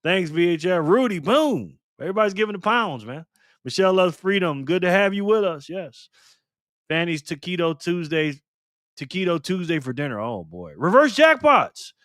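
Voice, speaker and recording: A man with a slightly high voice runs a casual live stream by himself, talking upbeat and friendly into a microphone. The sound is close and dry, with no room around it, and he greets people as brother and man. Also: animated, normal speed, no room sound. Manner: upbeat, greets chat viewers by name. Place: alone at home streaming.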